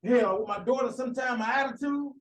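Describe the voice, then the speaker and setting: Fiery high-voiced male preacher in echoey room. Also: brisk, distant mic. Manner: impassioned, rhetorical, repeats phrases for emphasis. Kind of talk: fiery sermon.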